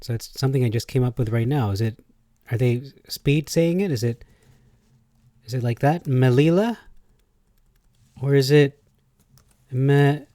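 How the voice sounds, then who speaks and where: A man's voice: medium pitch, normal speed, dark tone, no echo. A man explaining things in a casual spoken video. He thinks aloud and hesitates, and he tries out different pronunciations as he goes.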